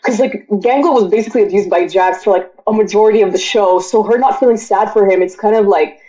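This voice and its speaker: A woman's voice: medium pitch, fast, dark tone, poor audio. A woman chatting casually and reflectively, rambling with plenty of filler words. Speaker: co-host reacting to a show finale. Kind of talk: casual chat.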